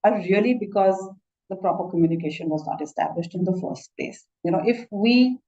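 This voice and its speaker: A woman doctor with an Indian English accent teaches a masterclass, giving an instructive lecture in which she often says "you know" and restarts her sentences. Her mid-range voice has lively intonation, a brisk pace, and a dark tone, and the audio sounds dull.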